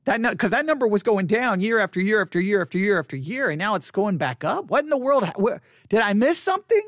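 Very animated and fast, with a mid-range, fairly bright voice, a podcaster riffs alone on listener stats into a close studio microphone. Incredulous asides and frequent restarts fill the dry recording.

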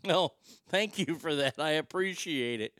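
A man's voice: fairly high pitch, lively intonation, unhurried, fairly bright tone. A man hosting a casual live chat, reading viewer comments aloud and swearing freely. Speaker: talk show host reading chat.

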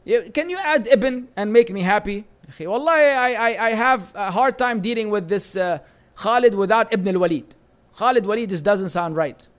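Here a Lebanese-accented man whose first language is Arabic takes viewer questions as an Islamic teacher, keeping the live-stream chat lively and playful with bits of Arabic mixed in. His voice sits high and flows smoothly at a fairly quick clip.

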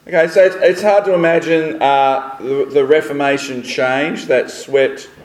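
A man hosts a church lesson, speaking very slowly in a fairly high voice. His words come through with a roomy echo. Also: steady tone. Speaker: host of church teaching series. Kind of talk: interviewing a costumed guest.

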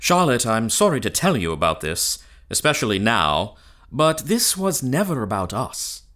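A man playing a smooth, evasive gentleman schemer. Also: mid-range voice, very animated, normal speed. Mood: awkward, placating. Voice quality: polite, placating, evasive. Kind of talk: period drama acting.

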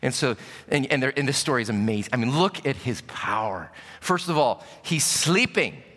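A man preaches in a church hall, his tone bright and forceful. He tells his story with sudden shouts and hushed drops. A long reverb trails every line. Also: mid-range voice, expressive, moderate pace. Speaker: pastor. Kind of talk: sermon. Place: church sanctuary.

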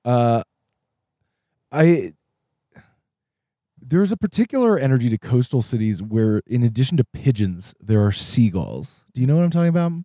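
A man co-hosting a podcast in casual chat, asking lively questions and laughing often. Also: mid-range voice, moderate pace, long pauses, no echo, studio quality. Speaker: podcast co-host.

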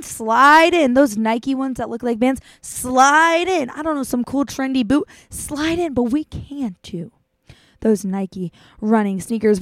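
A woman's voice: fairly high pitch, no echo, studio quality. Chatty young woman giving playful dating tips. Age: young adult. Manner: chatty, playful, acts out voices of boys and friends. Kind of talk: casual chat.

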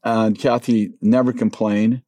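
A man's voice: measured pace, no room sound. A man in his sixties, a business owner, telling a family story in casual conversation and acting out the voices of others. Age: 60s. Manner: animated storyteller, acts out voices in a high pitch.

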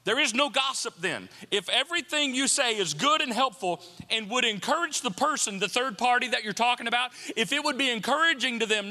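A male pastor delivers a sermon in a chatty, searching way, circling back to the same rhetorical questions. His voice sits high and rings very bright. The sound trails off in the long reverb of a church hall. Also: animated, fairly quick, hardly any pauses. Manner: conversational preaching, repeats rhetorical questions.

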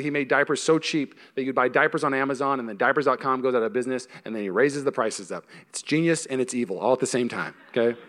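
A man preaching before his congregation, his voice sitting fairly high for a man. He is animated and emphatic, dropping to a hush and then surging back up. He tells his stories with humor. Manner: animated and emphatic, shifting from loud to hushed; humorous storytelling with acted-out asides. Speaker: pastor. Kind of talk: sermon. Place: church service before a congregation.

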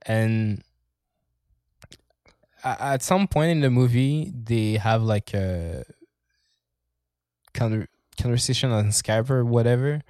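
A man's voice: mid-range voice, slow, pauses often, darkish tone, dry recording, studio quality. A man chatting casually as a podcast co-host, rambling, swearing often and laughing as he talks. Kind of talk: casual chat.

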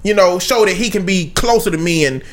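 Speaking a little fast in a voice that sits high, a Southern American man swaps jokes and stories on a casual podcast, laughing frequently. Slight background noise can be heard.

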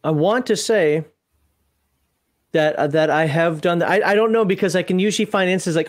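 Male co-host, high pitch, loose rambling chatter with frequent laughs. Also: animated, fairly quick. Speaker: podcast co-host. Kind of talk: casual live-stream chat.

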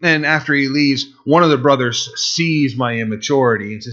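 A middle-aged man preaches as if chatting with friends, his voice bright and forceful as he relives an old story. He restarts sentences and acts out the people he quotes, and the sound is a little dull and lo-fi. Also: medium pitch, moderate pace. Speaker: pastor. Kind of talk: conversational sermon with personal story.

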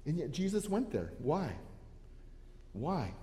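A man's voice: fairly high pitch, sing-song, takes it slowly, warm tone, long reverb tail, a little hiss or hum. A pastor preaching a sermon to his church, earnest and given to restarting his phrases. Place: church sanctuary.

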